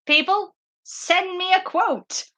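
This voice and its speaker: With an extremely high, fairly bright voice and a slow pace, this young podcast host rambles through her live stream, casual, enthusiastic and full of fillers. She's using a basic makeshift microphone.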